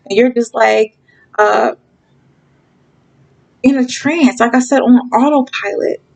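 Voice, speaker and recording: A woman's voice: fairly high pitch, vocal fry, low-quality recording. A woman giving viewers frank tough-love advice in a casual monologue, often checking in with "okay?" and "you guys". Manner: talks fast when excited, acts out quoted voices. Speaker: spiritual reader and channel host.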